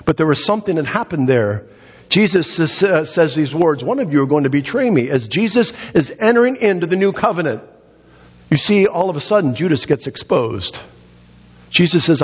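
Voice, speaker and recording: A male pastor preaching a sermon, emphatic and repetitive, swinging his pitch up and down and short of breath. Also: slightly rough, big-room sound, dull audio. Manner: emphatic, repeats phrases, dramatic pitch swings. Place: church sanctuary.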